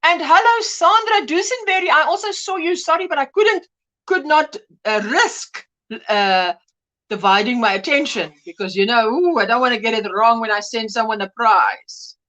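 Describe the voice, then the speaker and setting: A woman hosts a relaxed livestream, chatting freely and reading out viewer comments. Her voice sits high and swoops animatedly up and down. She laughs easily between thoughts. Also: moderate pace, low-quality recording. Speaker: livestream host. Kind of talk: casual livestream chat.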